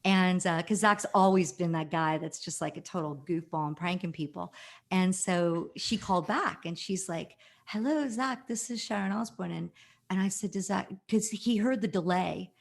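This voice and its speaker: Woman, 50s, from New Jersey, podcast guest; slightly low voice, animated storyteller with a casual, filler-heavy delivery. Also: moderate pace.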